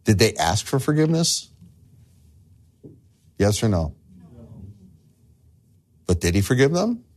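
A man preaching a sermon as a pastor, animated, acting out the voices of the figures in his story. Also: lowish voice, slow. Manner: animated, acts out voices of the figures he tells about.

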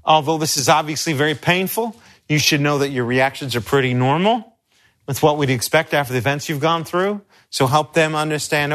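A middle-aged man, a pastor, teaching crisis care in an earnest, halting, conversational way with personal stories. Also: fairly high pitch, a bit bright. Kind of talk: instructional talk with personal stories.

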